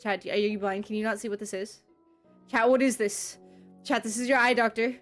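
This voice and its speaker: A woman's voice: fairly high pitch, steady tone, normal speed, a bit bright, soft background music. A young woman streaming as a VTuber, chatting casually with her viewers, rambling and laughing often. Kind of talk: casual livestream chat, reading and answering chat.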